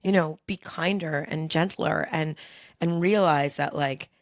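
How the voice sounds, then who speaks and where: A middle-aged woman co-hosting a podcast, chatting casually and telling frank, animated stories with some swearing. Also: sits low, unhurried, creaky, no echo, clean studio sound. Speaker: podcast co-host. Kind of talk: casual chat.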